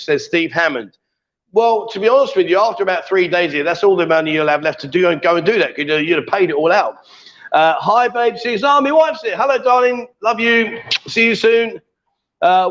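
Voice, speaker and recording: A man's voice: sits high, lo-fi sound. A man hosting a casual live stream, teasing and joking as he reads out viewer comments. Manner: jokey, teasing, coaxing. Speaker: livestream host.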